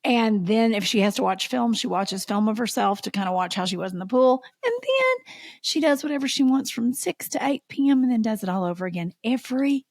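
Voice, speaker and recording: A woman co-hosting a chatty podcast, slightly high in pitch. She tells stories with animation and acts out the people in them. Her voice is close and dry. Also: big pitch swings, fairly quick, no echo. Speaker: podcast co-host. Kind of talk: casual chat.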